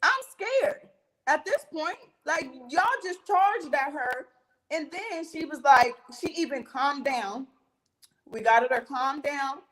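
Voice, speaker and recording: A young woman with a notably high voice tells her story in loose, casual talk as an interview guest. She is animated and jumps into other people's lines as she recounts a heated fight. She swears freely. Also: takes it slowly, low-quality recording.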